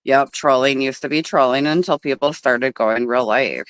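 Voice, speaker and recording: A woman's voice: extremely low pitch, moderate pace, hardly any pauses, clean tone, no echo. A woman hosting a casual livestream outdoors at a table, chatty and blunt and swearing freely. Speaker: livestream host.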